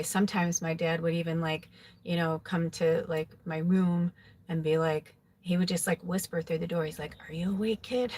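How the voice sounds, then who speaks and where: Low-voiced woman telling a rambling confessional story. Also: a little mellow, slight background noise. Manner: rambling, filler-heavy, with frequent "like"; emotional, confessional. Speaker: psychic tarot reader. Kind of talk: casual personal storytelling.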